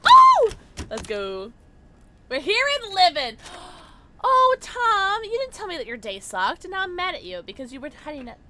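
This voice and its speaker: A young woman live-streams a game while a little tipsy, chatting with her viewers in a bubbly, excitable way. Her voice is bright and fairly high, leaping all over in pitch. A faint room hum sits behind her. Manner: bubbly, excitable, squeals and laughs a lot. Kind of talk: casual live-stream chat while gaming.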